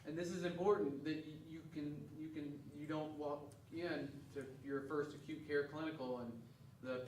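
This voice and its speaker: A man's voice: a little high, steady tone, moderate pace, a little mellow, slight background noise. A man teaching a class and going over test questions, earnest and often restarting his words. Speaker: instructor. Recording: echoey classroom, mic far off.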